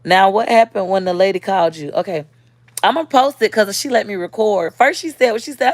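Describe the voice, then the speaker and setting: A woman's voice: medium pitch, fairly quick, no room sound. A woman, talking casually and bluntly on a live stream as a social media creator, answering viewer comments.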